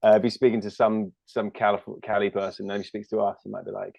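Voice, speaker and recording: A British man in his thirties talks loosely and self-deprecatingly, full of fillers and restarts. His voice sits low. The recording is dry and a little dull. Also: level tone, fast talker, gravelly, a little mellow, no room sound. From United Kingdom. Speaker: comedian guest. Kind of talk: casual interview chat.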